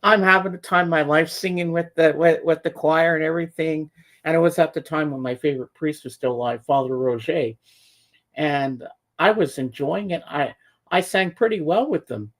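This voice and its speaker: A man's voice: a little high, moderate pace, a bit bright. A man telling a long personal story in casual podcast chat, rambling with restarts and acting out what people said. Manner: rambling, acts out voices in quotes; frequent restarts and repeated words. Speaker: show regular.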